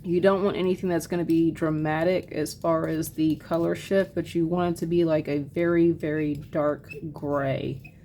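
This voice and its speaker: A woman giving a casual painting tutorial, chatting loosely with fillers and quick apologies as she works. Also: low voice, fairly even intonation, mellow, a little hiss or hum. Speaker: art teacher.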